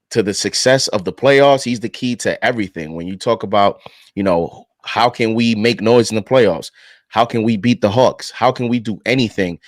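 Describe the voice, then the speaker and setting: A man with a lowish voice talks through his views in a relaxed, measured way, with plenty of "you know" in between. His voice is close and dry, with no room sound. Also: no room sound. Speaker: podcast panelist. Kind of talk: casual sports discussion.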